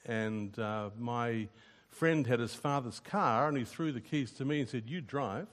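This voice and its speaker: A man's voice: medium pitch, unhurried. A man preaching a sermon, earnest and emphatic, often repeating a word as he starts a sentence. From New Zealand.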